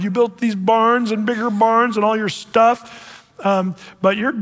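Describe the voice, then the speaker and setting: A man's voice: sits high, unhurried, a bit bright. A man preaching a casual sermon to a men's group, reading scripture aloud in old-fashioned wording. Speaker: pastor. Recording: long hall reverb.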